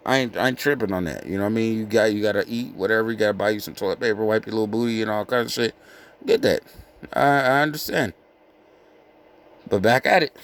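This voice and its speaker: A man giving an informal sermon, reading scripture slowly and with weight, then breaking into blunt, profane street talk. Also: mid-range voice. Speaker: scripture teacher.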